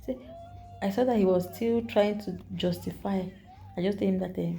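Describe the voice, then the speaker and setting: A woman with a Nigerian accent telling a story to the camera in a chatty, animated vlog, repeating herself and adding asides. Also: medium pitch, moderate pace, faint music behind. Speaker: vlogger.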